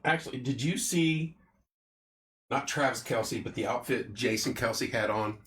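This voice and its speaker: A man's voice: mid-range voice, measured pace, a bit bright. A man hosting a casual livestream, chatting loosely and greeting viewers by name while he eats. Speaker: livestream host. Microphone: clip-on mic.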